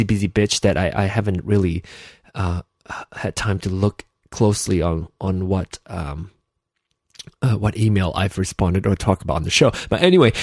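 A man's voice: on the low side, no room sound, clean studio sound. A man from Malaysia with a Malaysian English accent, slightly British, hosting a casual solo podcast and rambling with many restarts. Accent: Malaysian English with a slight British touch. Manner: rambling, chatty, many restarts and self-corrections. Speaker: podcast host.

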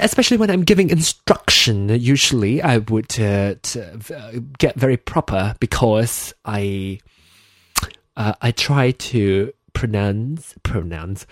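A chatty man with a Malaysian English accent, tinged with British, talks through a solo podcast in a lively, up-and-down voice. He rambles, restarts and corrects himself often. The sound is dry and close, with no room around it. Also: mid-range voice, dry recording. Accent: Malaysian English with a slight British touch. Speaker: podcast host. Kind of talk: casual solo podcast chat.

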